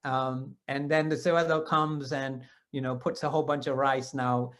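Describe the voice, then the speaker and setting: A man in his fifties sharing personal devotional experiences in a relaxed storytelling talk, with many asides and self-corrections. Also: medium pitch, normal speed.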